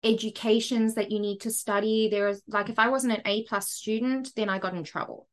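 A woman from Zimbabwe, a podcast guest candidly telling her personal story with lively asides and frequent "right?". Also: medium pitch, a little fast.

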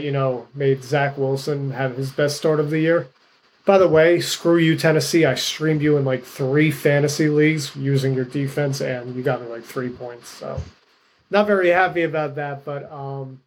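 A man co-hosting a casual sports betting podcast, talking in a chatty, rambling way full of "like" and "you know.". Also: a little high. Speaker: podcast co-host picking games.

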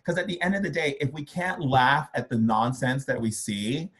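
A man's voice: medium pitch, lively intonation, normal speed, a bit bright. A man being interviewed as a spiritual workshop leader, talking casually in a playful, joking way and acting out little voices. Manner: playful, jokey, acts out voices.

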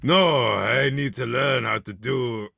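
A man's voice: medium pitch, slow pace, creaky, sharp tone, no room sound, clean studio sound. A man hosting a podcast, asking playful, jokey questions. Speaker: podcast host. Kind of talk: casual interview chat.

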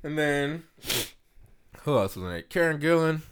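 A man's voice: a little high, animated, moderate pace, clear, resonant tone. A man co-hosting a podcast, casually reviewing a movie and laughing often as he rants. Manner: laughs often while ranting. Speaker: podcast co-host.

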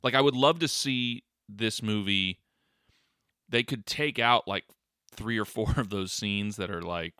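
Opinionated male podcast co-host, low but bright and forceful, stammery, dry close sound. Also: measured pace, smooth, dry recording. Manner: opinionated, stammers and repeats words. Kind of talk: casual chat.

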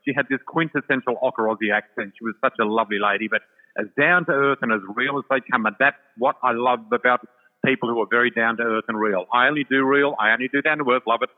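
A man's voice: medium pitch, fast talker. An older man with an Australian accent tells his story in a chatty, effusive manner, with many ums along the way. His voice sits in a middling register. It comes through a tinny, phone-like line with a long, hall-like reverb. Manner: warm, chatty, effusive, full of fillers. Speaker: psychic guest. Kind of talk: casual storytelling chat.

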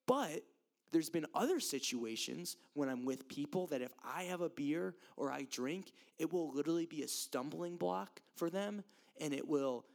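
Gravelly young man preaching casually. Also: on the high side. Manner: conversational, earnest, laughs at himself. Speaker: youth preacher. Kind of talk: casual sermon.

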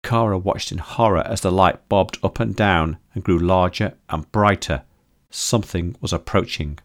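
A man reading his own story aloud as narrator, in a steady, measured delivery. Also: sits low. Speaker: author and narrator. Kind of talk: scripted audiobook narration.

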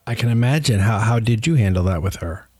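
A man interviewing a guest, asking measured questions with some fillers. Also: fairly low pitch, animated, warm tone, slightly rough, dry recording, studio quality.

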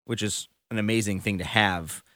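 A man's voice: fairly low pitch, fairly even intonation, moderate pace, pushed and bright, dry recording, studio quality. A man, a touring musician, telling stories in casual conversation, rambling and full of fillers. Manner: rambling storyteller, many fillers.

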